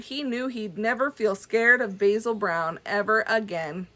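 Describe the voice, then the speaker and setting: A woman reading a children's book aloud, adding gentle, chatty asides for kids. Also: a little high, unhurried, hardly any pauses. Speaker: storybook reader.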